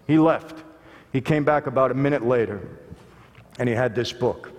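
A man's voice: mid-range voice, moderate pace. A man giving an earnest, emphatic testimony speech to a live audience in a large hall, often calling out to them directly. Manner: earnest, emphatic, addresses listeners as "people". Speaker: speaker telling his life story to an audience. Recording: long hall reverb.

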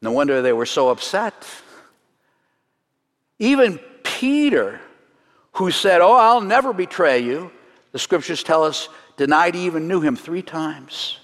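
A man teaching a congregation through a Seder, earnest and slowing down for solemn points, with light jokes along the way. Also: on the high side, expressive, in a large hall. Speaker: messianic teacher leading a Seder demonstration. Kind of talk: sermon-style teaching to a congregation.

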